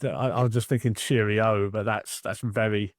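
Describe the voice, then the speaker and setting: A man's voice: on the low side, fairly even intonation, moderate pace, no room sound. London guy, chill podcast guest, dry close sound, keeps saying yeah. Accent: London English. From England. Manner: laid-back, frequent agreeing "yeah". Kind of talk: casual chat.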